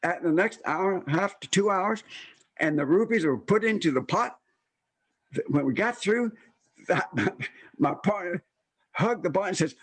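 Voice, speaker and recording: An older man telling a personal story in an interview, animated and acting out the voices of people he quotes. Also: high voice, normal speed, no room sound. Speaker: guest storyteller.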